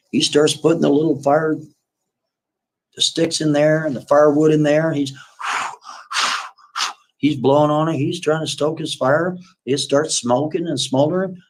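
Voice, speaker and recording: A man hosting a livestream, retelling a story in a casual, folksy way with repetitive, animated asides. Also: fairly high pitch, unhurried, long pauses, poor audio.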